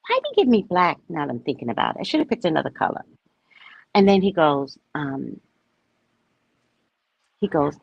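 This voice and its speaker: A woman's voice: fairly low pitch, normal speed, creaky, pauses often, husky, no echo, rough recording. A woman host telling a story in a casual way, acting out the quotes and tagging her sentences with "right?". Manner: animated, acts out quotes, keeps saying "right?"; swears casually.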